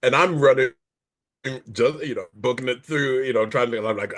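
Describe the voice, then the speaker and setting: A man's voice: medium pitch, moderate pace, a bit bright. A middle-aged man, an author being interviewed, telling long stories in a rambling, self-correcting way and laughing along as he goes. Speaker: author guest. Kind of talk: casual interview storytelling.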